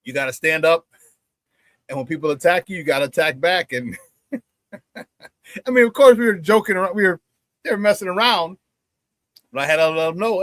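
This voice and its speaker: Animated high-voiced male sports talk host. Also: moderate pace, long pauses, dry recording. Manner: animated storyteller, acts out quoted banter loudly, laughs often.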